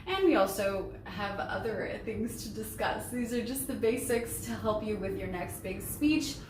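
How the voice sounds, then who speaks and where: A woman's voice: mid-range voice, expressive, measured pace, far from the mic, noisy background. A woman giving a voice lesson in an upbeat, encouraging way. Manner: upbeat and encouraging, sings examples. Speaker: voice teacher. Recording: roomy, mic set back, faint ambience.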